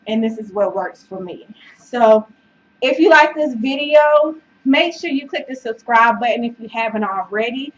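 A woman giving a casual, encouraging fitness vlog to camera, chatty and full of fillers, sometimes out of breath. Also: fairly high pitch. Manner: chatty and encouraging, many fillers, says y'all and child. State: out of breath at times. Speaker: fitness vlogger. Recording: dull, faint noise, mic away from speaker.

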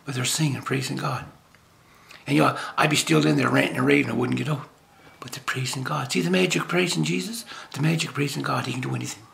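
A man's voice: a little high, a bit bright. An older man from Nova Scotia giving an informal spiritual talk as a lay preacher, rambling and jokey with many restarts. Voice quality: gravelly.

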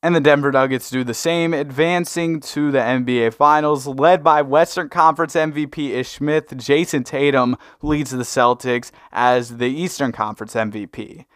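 A young man casually commenting on a basketball video game, laid-back and chatty with sudden excited outbursts. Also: mid-range voice, normal speed, hardly any pauses, no echo, clean studio sound. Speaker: gaming YouTuber.

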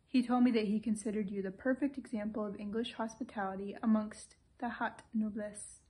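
A woman voicing a brisk, dry-witted young English noblewoman in an audiobook reading. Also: medium pitch, steady tone, mellow, natural voice, rough recording.

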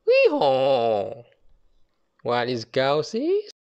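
A speaker reading a picture book aloud to toddlers, slow and careful, with non-native phrasing. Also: mid-range voice, sing-song. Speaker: children's book reader. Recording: muffled lo-fi recording.

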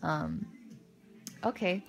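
Gushing young woman with a lively voice. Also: on the low side, very slow, vocal fry. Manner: gushing and excitable, with soft muttered asides and frequent laughs. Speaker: unboxing vlogger. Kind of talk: casual unboxing commentary.

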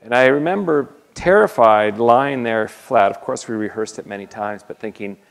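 Guy with a low gravelly voice walking a crowd through his slides, lots of ums and restarts, big hall echo. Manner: halting, with many fillers and restarts. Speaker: artist giving a lecture. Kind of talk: slide talk to an audience. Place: university lecture hall. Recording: long reverb of a lecture hall.

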